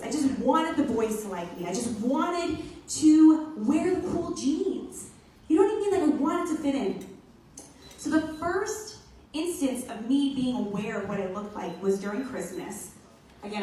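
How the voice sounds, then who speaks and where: A young woman tells a personal story to an audience, her voice high and swinging widely as she acts out the quotes. She sounds a little distant from the mic, and the hall around her rings with strong echo. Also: slight background noise. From New York. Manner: animated, acts out quotes in voices, laughs often. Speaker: speaker giving a personal talk. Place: event hall.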